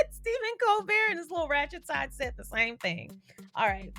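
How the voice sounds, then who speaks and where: A woman's voice: sits high, expressive, normal speed, a bit bright. A young adult woman hosting a casual commentary vlog, chatty, with slangy asides and frequent laughter. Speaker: YouTube commentary host.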